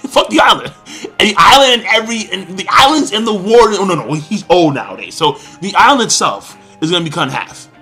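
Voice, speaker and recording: Faint music sits beneath a young manga reviewer's brisk ranting commentary, full of free swearing, rambling, and frequent shouted outbursts. His voice is slightly high and husky, with a sharp, bright edge and wide swings in pitch.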